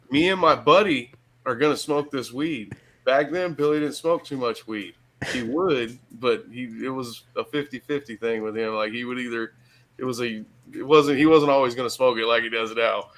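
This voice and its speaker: A man's voice: medium pitch, normal speed, low-quality recording. A middle-aged man from Michigan, telling a story in casual podcast chat, swearing and laughing hard through it. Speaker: podcast guest.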